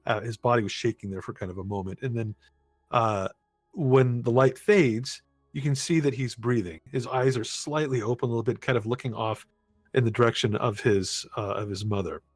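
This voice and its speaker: A man's voice: mid-range voice, normal speed, no echo, soft background music. A man narrating a tabletop game as game master, loose and full of fillers.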